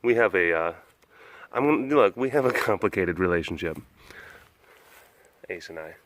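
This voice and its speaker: A man's voice: low-pitched, lively intonation, normal speed, a bit bright, no echo. A man vlogging as he walks around an animal compound, chatting, joking and cooing at the cats. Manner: chatty, jokey, coos at the animals. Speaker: big cat sanctuary vlogger. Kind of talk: casual vlog narration. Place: outdoor wildlife compound.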